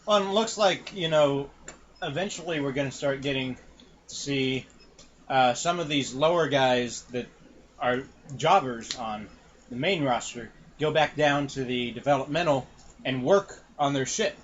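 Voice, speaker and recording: A man co-hosting a casual podcast, rambling through relaxed opinions. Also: mid-range voice, unhurried. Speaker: podcast co-host. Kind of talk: casual wrestling chat. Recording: dull lo-fi sound with faint noise.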